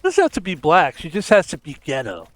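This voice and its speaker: A man streams a game and talks casually over it, rambling from one crude joke to the next. His voice sits a bit high for a man. He keeps it loose and unscripted. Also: wildly swooping pitch, a little fast, a bit bright. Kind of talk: casual gameplay commentary.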